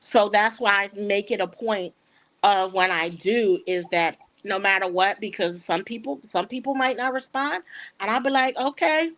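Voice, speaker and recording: Woman guest, casual talk, storytelling, mid-pitched voice. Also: moderate pace, a bit bright. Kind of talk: casual conversation.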